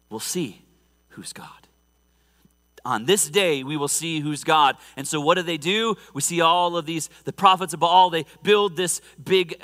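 A man preaching a sermon as a pastor, telling the story in an animated, conversational way with laughter. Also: on the high side, in a large hall. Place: church sanctuary.

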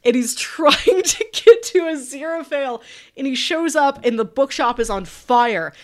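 A woman podcast co-host casually recapping a TV show, chatty and animated, laughing often. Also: high-pitched, a little slow.

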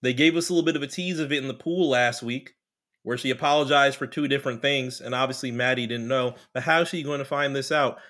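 A man co-hosting a casual TV recap podcast, talking animatedly and breaking into loud put-on character voices. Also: medium pitch, steady tone, quick pace. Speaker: podcast co-host.

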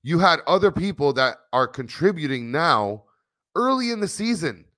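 A man, hosting a casual postgame fan livestream, animated and rambling as he reads chat comments aloud. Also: fairly high pitch, moderate pace, no echo, studio quality. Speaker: soccer fan show host.

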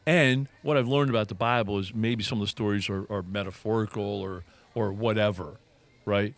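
A man's voice: on the low side, steady tone, moderate pace. Guy telling a story to his cohost, earnest and emphatic, keeps restarting lines. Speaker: podcast co-host. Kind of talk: casual storytelling chat.

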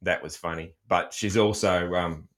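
A man's voice: sits low, steady tone, normal speed. A middle-aged Australian man hosting a casual chat, joking around and swearing freely, with plenty of ums. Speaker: podcast host.

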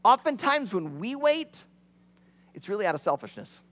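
A man preaching a sermon as pastor, animated, and acting out the quotes he retells. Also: high voice, moderate pace.

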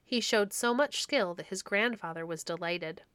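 A woman hosting a storytelling podcast, reading classic stories aloud in a gentle, measured way. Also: medium pitch, smooth, dry recording. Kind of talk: storybook read-aloud narration.

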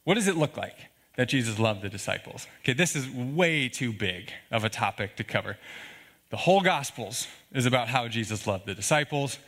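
A man's voice: medium pitch, lively intonation, moderate pace, a bit bright. A man preaching a sermon in an earnest, conversational way, often checking in with the congregation with asides like "okay?" and "all right?". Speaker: pastor.

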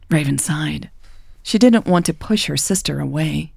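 Low, gravelly woman narrating. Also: a little slow, no echo, clean studio sound. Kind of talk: audiobook romance narration.

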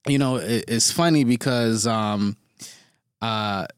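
A man's voice: lowish voice, slow, smooth, no room sound, clean studio sound. A young man from Detroit with a Detroit accent, hosting a casual podcast chat and telling stories with easy laughs. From Detroit, USA. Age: young adult. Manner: laid-back storyteller, laughs often. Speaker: podcast host.

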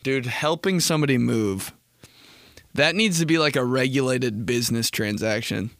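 Speaking at normal speed in a mid-range voice, this male podcast host rambles through profane, lively stories as a casual comedic monologue. It's a dry, studio-quality recording.

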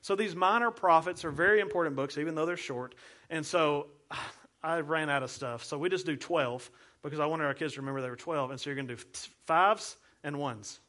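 A man's voice: fairly high pitch, fairly quick, fairly bright tone. A man, a pastor giving a playful teaching sermon, walking listeners through memory cues. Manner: playful, explains with hand gestures and repeated cues.

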